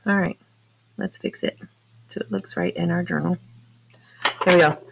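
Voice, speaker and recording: A woman's voice: on the low side, fairly even intonation, fairly quick, vocal fry, noisy background. A woman teaching a phonics lesson to young students, patiently asking questions and answering them herself. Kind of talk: slow classroom phonics lesson.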